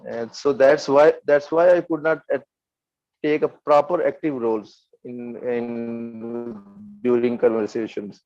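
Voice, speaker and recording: A man's voice: mid-range voice, steady tone, unhurried, a little mellow, soft background music. Hesitant male student on a call. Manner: hesitant, many fillers, keeps saying yes. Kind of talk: speaking in an online class. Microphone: video call. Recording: dull, dry video call audio.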